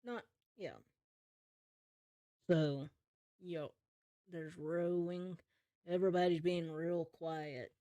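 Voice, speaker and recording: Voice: medium pitch, steady tone, slow pace, long pauses, mellow, dry recording, dull audio. A game master narrating a pirate tabletop game in a casual, playful way, teasing the players.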